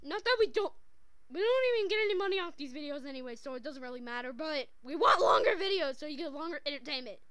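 A woman's voice: high-pitched, lively intonation, fast, a bit bright. A woman chatting casually and rambling to viewers in a comedy toy video. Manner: rambling, bickering. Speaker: video creator.

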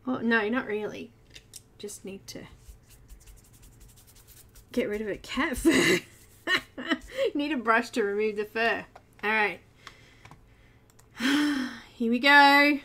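A middle-aged woman with an Australian accent talks through a live coloring session in a high, light voice. She takes her time, giggles easily and coos fondly at her cat between remarks. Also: slow, long pauses, bright, forceful tone. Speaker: livestream host. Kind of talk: casual live coloring chat.

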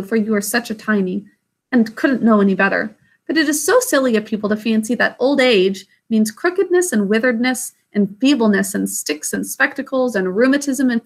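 A woman reading aloud, voicing a calm, ancient and wise great-grandmother who reassures a child. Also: fairly high pitch. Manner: tender, reassuring.

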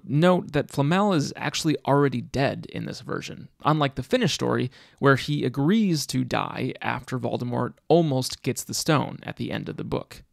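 A man's voice: medium pitch, creaky, dry recording, studio quality. A man narrating a video in a casual, speculative way. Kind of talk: scripted narration.

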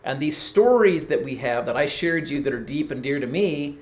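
A man's voice: on the high side, animated, moderate pace. A middle-aged man preaching, telling a personal story and acting out the people he quotes. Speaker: pastor. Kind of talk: sermon.

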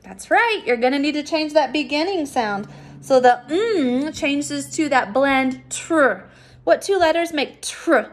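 A woman with a high voice leads a recorded phonics lesson for young children. She talks slowly and patiently and breaks each word into its sounds. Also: expressive. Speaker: teacher.

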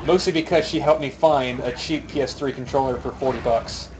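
A man's voice: mid-range voice, fairly even intonation, a little fast, noisy background. A young man streaming a video game, chatting casually and joking around, now and then slipping into a mock Scottish accent. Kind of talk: casual gaming stream chat.

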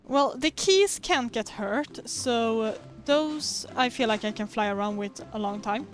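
A woman's voice: a little high, expressive, measured pace. A woman streamer giving casual, chatty gameplay commentary, giggling and poking fun at herself. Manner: chatty, giggly, self-mocking.

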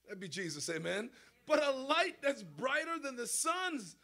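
Male preacher, animated sermon, high-pitched voice, rhetorical questions, playful sound effects. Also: unhurried.

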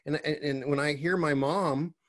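A man's voice: a little high, fairly even intonation, normal speed. A man hosting an interview who thinks aloud and asks long, searching questions. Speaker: host. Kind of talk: casual interview conversation.

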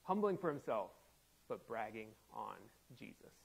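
A man's voice: fairly low pitch, big pitch swings, normal speed, gravelly, breathy edge, rough recording. A man preaching a sermon as pastor, laughing often and acting out quoted voices playfully. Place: church sanctuary.

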